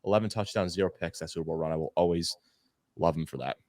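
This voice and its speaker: A man's voice: sits low, fast, no room sound. A man in casual podcast chat as a guest fan analyst, rambling and repeating words as he talks. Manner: rambling, repeats words, animated when excited.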